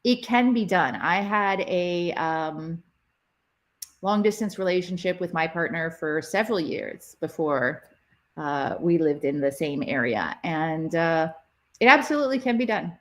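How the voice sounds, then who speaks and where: Woman relationship educator, slow-paced, very animated intonation, chatty live-session host. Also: on the low side. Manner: expressive, chatty teacher answering viewers. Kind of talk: live interactive workshop session.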